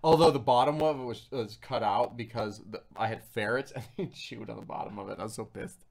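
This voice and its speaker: A man's voice: medium pitch, brisk, gravelly. A man hosting a casual livestream chat, telling stories with lots of laughter and acting out the voices of the people he quotes. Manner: animated storyteller who laughs often. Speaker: livestream host.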